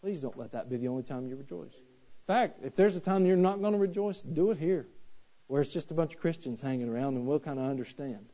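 Pastor in his thirties, raised pitch and warm, relaxed tone, casual and humorous from the pulpit, muffled church recording. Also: fairly quick. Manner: folksy, conversational preaching with humor. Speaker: preacher. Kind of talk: sermon. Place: church sanctuary.

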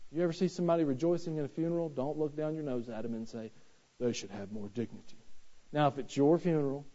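Pastor in his thirties, raised pitch and warm, relaxed tone, casual and humorous from the pulpit, muffled church recording. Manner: folksy, conversational preaching with humor. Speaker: preacher. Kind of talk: sermon. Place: church sanctuary.

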